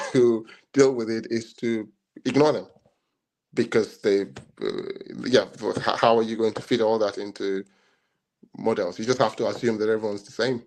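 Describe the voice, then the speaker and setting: A man's voice: on the low side, steady tone, normal speed, darkish tone. A man, co-hosting a podcast debate and talking in long, rambling turns full of restarts. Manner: rambling, many restarts and fillers. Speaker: podcast co-host. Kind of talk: casual debate chat.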